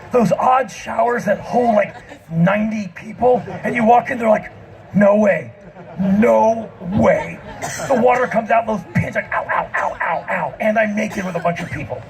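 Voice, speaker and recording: Male live storyteller on a festival stage; high, animated, shouts the punchlines. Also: vocal fry, a little hiss or hum. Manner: animated, self-mocking, often shouting. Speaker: spoken-word performer.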